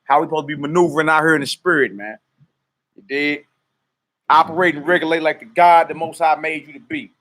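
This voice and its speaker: A man's voice: fairly high pitch, steady tone, a little fast, a bit bright. A man leading a ministry livestream, greeting viewers by name in loose street slang and then calling out prayer lines for a group to repeat. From United States. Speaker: minister leading a live-streamed teaching. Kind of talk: casual shout-outs and call-and-response prayer leading.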